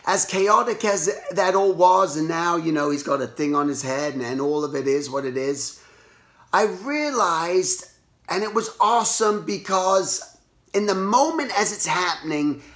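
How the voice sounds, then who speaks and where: A hoarse man who has lost his voice, hosting a casual motivational talk and rambling with lots of restarts. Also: high voice, unhurried. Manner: rambling, animated, restarts often. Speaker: artist and show host. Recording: roomy echo.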